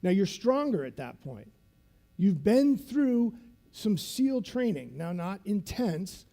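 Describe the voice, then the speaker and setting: A man's voice: high voice, big pitch swings, slow pace, mellow. A man in his fifties giving a motivational keynote, telling a vivid story and checking in with the audience as he goes. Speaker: keynote speaker.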